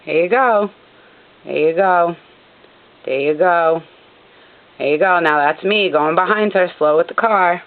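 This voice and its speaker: A woman's voice: lowish voice, unhurried, long pauses. A woman narrating her own recorded video in an agitated, indignant way, repeating herself often. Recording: tinny phone-like audio.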